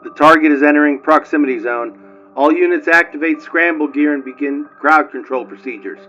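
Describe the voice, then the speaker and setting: A man playing a crisp military radio operator. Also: fairly high pitch, brisk, muffled recording, soft background music. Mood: brisk. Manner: crisp, formal radio and loudspeaker announcements. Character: male military radio operator giving orders.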